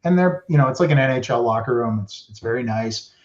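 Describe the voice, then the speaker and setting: A man tells his stories in a loose, rambling way, leaning on "like" again and again. His voice sits at an ordinary middle pitch. The recording sounds roomy and slightly dull. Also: expressive, fast. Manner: rambling, heavy use of "like". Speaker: podcast guest, former hockey player. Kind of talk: casual storytelling. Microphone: podcast mic. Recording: roomy, dull lo-fi podcast audio.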